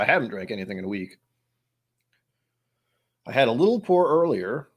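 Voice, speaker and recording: A young man hosting a whiskey channel, chatting casually with his viewers in a rambling, self-mocking way. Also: mid-range voice. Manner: rambling, self-mocking, reacts aloud to chat. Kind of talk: casual livestream chat.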